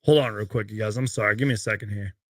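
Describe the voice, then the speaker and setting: A young man hosting a live post-game fan stream from his bedroom, excitable on highlights and rambling in between. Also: racing, dry recording, clean studio sound. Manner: excitable, loud outbursts on highlights, then rambling. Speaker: sports fan show host. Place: bedroom at home.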